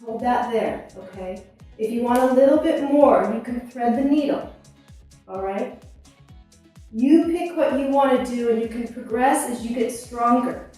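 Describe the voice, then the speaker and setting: A fitness instructor in her fifties leads a core workout, out of breath yet encouraging and coaching through every exercise. Her voice is fairly high with a dark tone and an unhurried pace. Music plays behind her in an echoey room, and her clip-on mic sounds far off.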